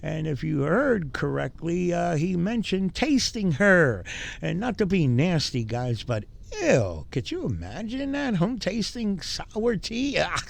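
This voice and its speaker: A man's voice: a little high, very animated, a little slow, vocal fry. A man hosting casual commentary, rambling and mocking with frequent fillers. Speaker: commentary host.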